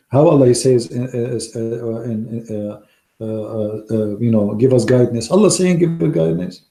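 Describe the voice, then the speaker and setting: Hoarse, emphatic man with a dark voice. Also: mid-range voice. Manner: emphatic, scornful, non-native grammar. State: hoarse, losing his voice. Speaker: online Christian debater. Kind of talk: polemical talk to a live audience.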